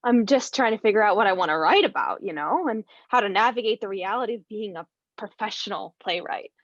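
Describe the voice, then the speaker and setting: A woman's voice: medium pitch, expressive, a little fast, dry recording, highs cut off, lightly acted. A woman playing a self-deprecating young woman playwright, casual and laughing, in a remote play reading over a video call.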